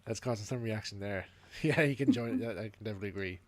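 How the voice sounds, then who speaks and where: A man hosting a casual review chat, animated and laughing often as he acts out lines. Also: lowish voice, quick pace, a crowd in the background. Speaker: podcast host reviewing an animated series.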